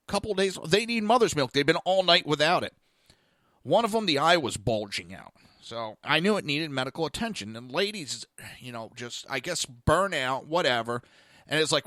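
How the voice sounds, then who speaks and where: A man's voice: mid-range voice, sharp tone, no echo, studio quality. A man hosting a podcast, telling a blunt, profane story in a casual monologue. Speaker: podcast host. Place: lives in Florida.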